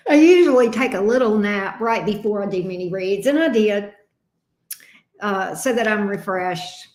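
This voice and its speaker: A woman's voice: medium pitch, lively intonation, normal speed, a little mellow. A woman with a Southern accent hosting a tarot live stream, chatting casually and greeting viewers by name. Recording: echoey room.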